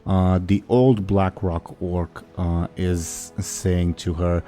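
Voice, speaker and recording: Man, game master, low voice, mellow tone, faint music behind. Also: little pitch movement, slow, few pauses. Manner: explains rules and voices orcs in quoted lines. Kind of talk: narrating a tabletop game.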